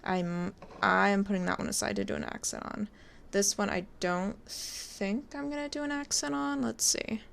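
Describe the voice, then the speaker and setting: Gravelly-voiced woman chatting while crafting. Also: mid-range voice, normal speed. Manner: relaxed, chatty, talks while working. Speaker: resin artist. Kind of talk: casual crafting narration.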